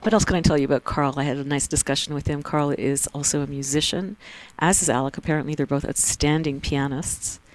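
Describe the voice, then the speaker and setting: A woman with a Canadian accent giving chatty, excitable live commentary on a board game tournament. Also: low-pitched, fairly quick, hardly any pauses, low-quality recording. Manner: chatty, excitable, laughs easily.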